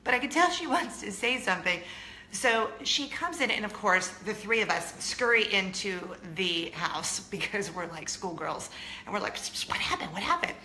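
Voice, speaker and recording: A woman hosting a casual talk show, telling a story in an animated, chatty way, laughing often and acting out quotes. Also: medium pitch, normal speed, slight background noise. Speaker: host. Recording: roomy room echo with faint ambience.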